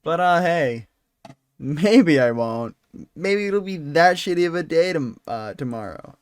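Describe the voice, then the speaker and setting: A man's voice: on the high side, lively intonation, measured pace, clear, resonant tone, no room sound, clean studio sound. A tired man hosting a podcast alone, chatting casually in a rambling, self-deprecating way and apologizing often. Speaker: podcast host. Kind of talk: casual solo podcast chat. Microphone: handheld microphone at a desk.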